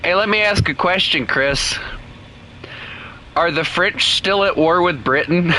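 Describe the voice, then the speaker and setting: A young man with a Southern American accent chats on a live game stream, his voice bright and forward. He jokes and teases his viewers, often tripping into quick restarts as he talks. A faint hum of noise sits under his voice. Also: sits high, rough recording. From United States. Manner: joking, teasing chat, quick restarts. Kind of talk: casual live-stream chat while playing.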